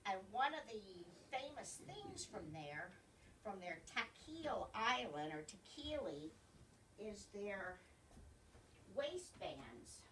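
Southern woman, library travel talk, bright lively delivery, recorded from a distance with faint hiss. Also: medium pitch. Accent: Southern American. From American South. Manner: chatty, digressive, often loses her place. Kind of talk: informal slide presentation. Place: library meeting room.

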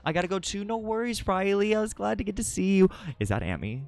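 Giggly, gravelly-voiced young streamer man. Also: sing-song, quick pace, darkish tone, no echo, faint music behind. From California. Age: early 20s. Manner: giggly, swears a lot, swings into high squeals. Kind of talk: casual live-stream chat with viewers. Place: home at night.

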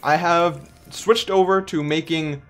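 A man giving casual, self-mocking let's play commentary while building in a game, animated and giggly. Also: on the high side, slow pace, faint music behind. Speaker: gameplay host.

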